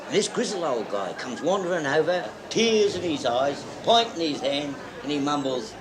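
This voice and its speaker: An Australian actor playing a man who tells a joke with lively storytelling in a 1970s film drama. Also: a little high, moderate pace. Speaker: joke teller. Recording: echoey room with crowd in an old film. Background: crowd chatter.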